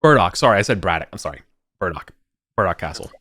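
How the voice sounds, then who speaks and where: A man's voice: sits low, quick pace, pushed and bright, slightly rough. A man narrating a tabletop game as game master, rambling and restarting his sentences. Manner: rambling, many fillers and restarts.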